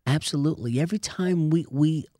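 A man's voice: on the high side, brisk, mellow, no echo, studio quality. A man co-hosting a Christian program, preaching and then leading prayer in a fervent, insistent way. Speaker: host.

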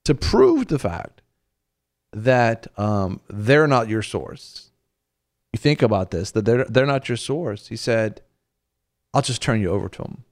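A man who works in ministry, talking about faith in a relaxed, conversational way and acting out quoted lines. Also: medium pitch, measured pace, pauses often. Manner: animated, acts out quoted voices. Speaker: minister on a faith talk show. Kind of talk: conversational preaching.

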